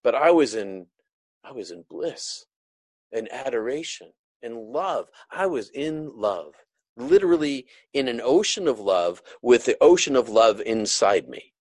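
A man giving an earnest, emotional personal testimony, halting often and restarting his sentences. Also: mid-range voice, big pitch swings, a little mellow, slightly rough, dry recording. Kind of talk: personal testimony of a near-death experience.

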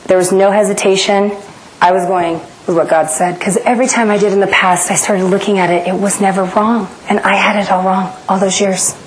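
A woman's voice: mid-range voice, steady tone, fairly quick, a little hiss or hum, poor audio. Earnest woman telling her story. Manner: earnest, dramatic retelling that acts out inner voices. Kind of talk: personal testimony storytelling.

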